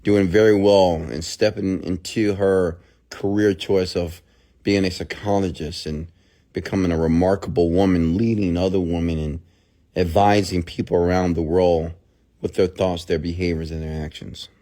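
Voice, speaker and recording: A middle-aged man with a low, deep voice delivers a motivational monologue straight to his listeners. He is emphatic, dropping to hushed near-whispers and then rising to shouts. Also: level tone, normal speed. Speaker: motivational speaker.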